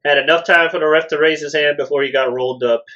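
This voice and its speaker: Ranting, laughing podcast man, bright voice. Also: on the high side, steady tone, fast, dull audio. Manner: ranting, laughs a lot, does loud impressions. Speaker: podcast co-host. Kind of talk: casual wrestling recap chat.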